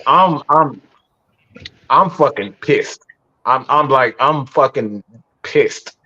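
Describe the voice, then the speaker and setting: A man's voice: mid-range voice, slow pace, pushed and bright. A man rants through a post-game reaction, swearing hard and tripping over his own restarts as his frustration builds. His voice sits in an ordinary middle range. The sound is dull and lo-fi, like a home live-stream. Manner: profane and exasperated, stammering restarts. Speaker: sports podcast host.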